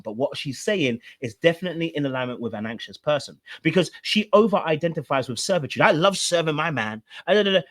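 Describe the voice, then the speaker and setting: Man explaining with rhetorical questions. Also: a little high. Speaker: relationship coach and commentator. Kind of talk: reaction commentary on a clip.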